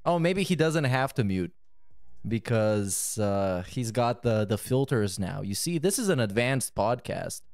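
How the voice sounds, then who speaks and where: A man's voice: mid-range voice, animated, unhurried, darkish tone, dry recording, faint music behind. Male podcast host with a mid-range voice and a dry close sound; sarcastic, mocking, swears freely. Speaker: podcast host reacting to a clip. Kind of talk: sarcastic react commentary.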